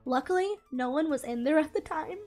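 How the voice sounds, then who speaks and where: A high-pitched young woman chats through a personal story, animated and quick to laugh, swearing without a second thought. Faint music plays softly behind her. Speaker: gaming channel creator. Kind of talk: casual storytelling chat.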